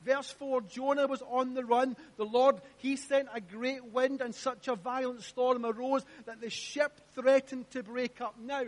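A man's voice: extremely high pitch, fairly even intonation, a little slow, few pauses. A man preaching a sermon in church, emphatic and repeating his phrases while asking the congregation questions. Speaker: pastor.

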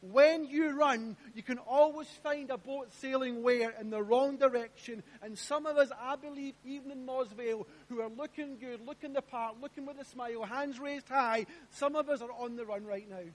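High-voiced preacher. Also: male voice, normal speed, few pauses. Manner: emphatic, repeats phrases, asks the congregation questions. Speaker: pastor. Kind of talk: sermon. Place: church.

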